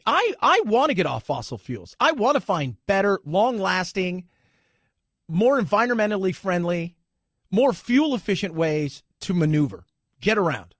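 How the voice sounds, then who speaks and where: A man hosting a talk radio show, his voice pitched high and swinging widely as he argues. He is sarcastic and animated, recorded dry on a studio mic with no room sound. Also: no room sound. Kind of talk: opinionated talk radio monologue.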